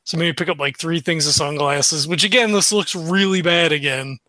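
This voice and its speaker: A man hosting a tabletop gaming show talks in a casual, upbeat way, now and then jumping up in pitch. His voice sits a touch high and comes across bright and forceful. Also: normal speed, a little hiss or hum. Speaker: host. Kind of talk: sponsor read and casual game chat.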